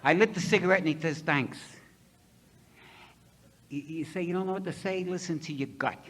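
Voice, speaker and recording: Pitched fairly high and fairly bright, this middle-aged Ohioan speaks at normal speed with long pauses. At a recovery convention, he shares his recovery story in a blunt, folksy manner, performing the dialogue himself.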